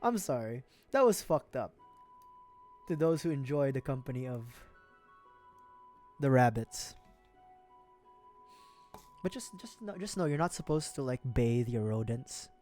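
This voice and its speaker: A man's voice: medium pitch, big pitch swings, unhurried, long pauses, a little mellow, faint music behind. A man from the Philippines, streaming, telling a story casually, laughing often and swearing freely.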